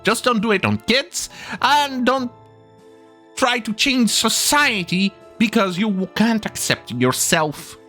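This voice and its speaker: A man's voice: high voice, lively intonation, slow, bright, forceful tone, soft background music. A man hosting a commentary video, ranting with heavy swearing and scorn, often stumbling and restarting his sentences. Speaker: commentary channel host.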